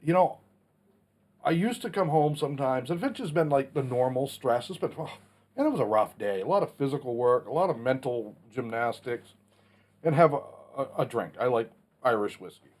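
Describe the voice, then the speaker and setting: A man in his forties hosts a casual Q&A vlog, answering questions bluntly and plainly with some mild swearing, all while he has the hiccups. His voice is mid-range and a little mellow, with lively intonation and a moderate pace.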